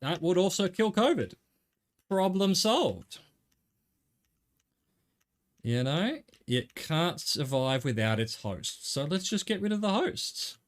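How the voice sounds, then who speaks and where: A man's voice: high voice, very animated, slow, long pauses. A middle-aged man with an Australian accent, chatting casually and wryly to his viewers while he plays a game. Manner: rambling, wry, jokey asides to chat. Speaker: game streamer. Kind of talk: casual live-stream chatter while gaming.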